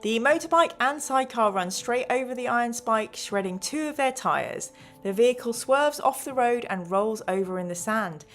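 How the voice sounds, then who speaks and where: A woman's voice: a little high, animated, normal speed, fairly bright tone. A woman hosting a live gamebook play-through, reading passages aloud and counting the chat's votes in a chatty way. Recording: faint music behind.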